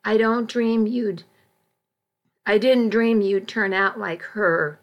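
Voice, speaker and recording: A woman voicing a caring, firm middle-aged aunt in an audiobook, gentle but stern and pleading. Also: mid-range voice, steady tone, slow, lo-fi sound. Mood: concerned, stern. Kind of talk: audiobook reading.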